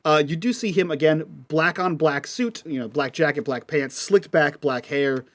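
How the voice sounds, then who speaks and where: A man narrating a tabletop role-playing game as game master, in a relaxed way with many fillers. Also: fairly high pitch, normal speed. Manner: relaxed, lots of ums and likes.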